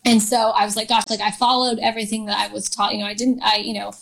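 A woman's voice: medium pitch, level tone, fast talker, gravelly, fairly bright tone, rough recording. A woman in her thirties telling a personal story in a casual chat, laughing often and using many fillers. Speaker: guest.

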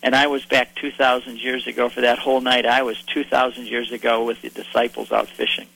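Bright-voiced man telling a story. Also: medium pitch, little pitch movement, brisk, gravelly, a little hiss or hum, rough recording. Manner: enthusiastic, vivid anecdotes. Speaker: guest. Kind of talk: storytelling in a radio interview.

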